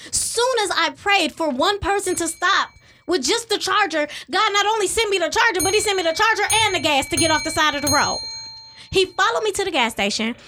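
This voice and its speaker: A woman hosting a casual chat, telling a story in an animated, emphatic way, swearing casually and speaking in upbeat affirmations. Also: extremely high pitch, fairly quick, noisy background. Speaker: podcast host.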